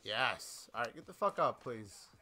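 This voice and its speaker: A man commentating a wrestling video game as he plays, excitable and swearing, shouting at his opponent. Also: medium pitch, unhurried, a little hiss or hum. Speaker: gaming YouTuber. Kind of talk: let's play commentary.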